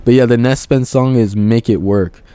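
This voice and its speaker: An actor playing a laid-back young amateur musician, telling a rambling, slangy, off-script story to the camera. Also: male voice, mid-range voice, steady tone, moderate pace, mellow, clear, resonant tone, dry recording, close to an everyday voice. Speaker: aspiring musician.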